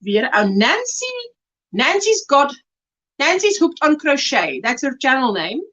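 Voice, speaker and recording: A South African woman hosting a casual crochet livestream, chatting warmly and reading viewer comments aloud with delight. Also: sits high, big pitch swings, a little slow, muffled recording.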